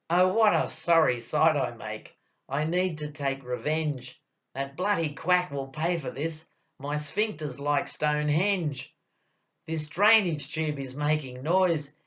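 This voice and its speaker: A man's voice: on the high side, a bit bright, highs cut off. An Australian man reciting a comic rhyming poem in a theatrical, storytelling way. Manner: theatrical, drawn-out storytelling delivery. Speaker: bush poet.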